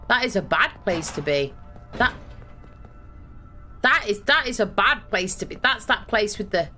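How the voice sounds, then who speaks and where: A woman's voice: medium pitch, bright, forceful tone. A young woman streaming a horror game, thinking aloud, swearing and getting exasperated. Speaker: gaming streamer. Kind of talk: live gameplay commentary.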